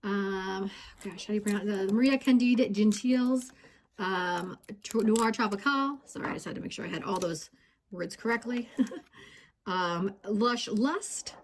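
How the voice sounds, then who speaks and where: A woman's voice: mid-range voice, a little slow, slight background noise. A woman perfume vlogger from the United States, talking casually and a little out of breath while holding a phone gimbal at home. She stumbles over names and corrects herself as she goes. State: a bit out of breath. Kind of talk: casual vlog ranking. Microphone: handheld phone gimbal.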